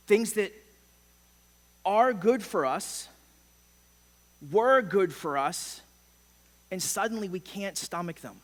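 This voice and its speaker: A middle-aged male pastor preaches with a high, bright, ringing voice. His delivery is impassioned and emphatic, swelling and dropping suddenly. The sound carries a long reverb from a church hall. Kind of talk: sermon. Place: church sanctuary.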